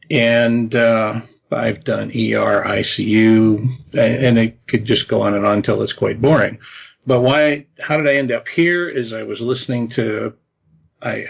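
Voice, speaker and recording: A man in his fifties, a medical advisor guest, talking in a relaxed, rambling way. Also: mid-range voice, gravelly, slightly rough. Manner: relaxed, rambling, with many fillers. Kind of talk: casual interview chat. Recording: dull lo-fi call audio.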